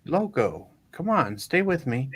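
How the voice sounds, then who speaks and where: A guest in a casual chat, teasing and animated. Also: mid-range voice, measured pace, husky.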